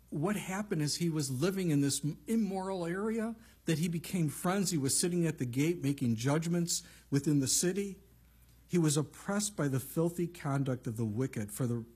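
Male pastor, very husky voice, conversational sermon with asides. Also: medium pitch, warm tone. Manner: conversational preaching with frequent asides.

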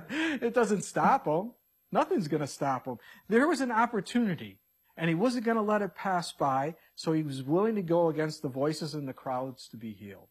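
A male pastor preaching an expository sermon, animated and acting out the story characters in quick voices. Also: sits high, breathy edge.

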